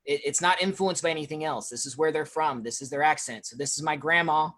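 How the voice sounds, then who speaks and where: A featured speaker giving a presentation on accents, rushing through and filling pauses with "um". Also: medium pitch, fairly bright tone. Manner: rushed, with frequent fillers.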